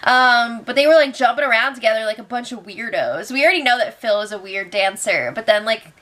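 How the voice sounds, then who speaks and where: A young woman with a high voice hosts a casual recap. She talks in a chatty, sarcastic way, laughs often, and slips into quick impressions of the people she describes. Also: lively intonation, fairly bright tone. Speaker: show recap host.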